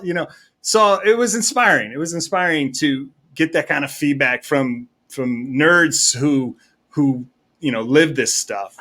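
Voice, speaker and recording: A man, a filmmaker guest on a podcast, telling stories in an animated, enthusiastic way. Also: a little high, unhurried. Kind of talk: casual podcast chat.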